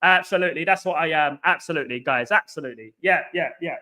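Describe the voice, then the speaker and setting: London guy on a fan stream, high bright voice, lively, chatting to viewers and throwing slang around. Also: fast talker. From England. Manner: animated, talks straight to viewers with slang. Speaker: fan channel host. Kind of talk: live stream chat reading comments.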